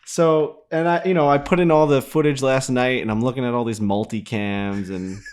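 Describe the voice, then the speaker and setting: A man's voice: medium pitch, steady tone, normal speed, darkish tone, clean tone. A man co-hosting a golf podcast in casual chat, laid-back and self-mocking, swearing freely. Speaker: podcast co-host.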